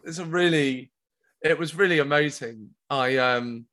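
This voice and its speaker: A man telling a comic story as a podcast guest, excitable, stumbling over repeated words and laughing often. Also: fairly high pitch, measured pace, slight background noise. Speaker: comedian guest. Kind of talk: animated anecdote telling.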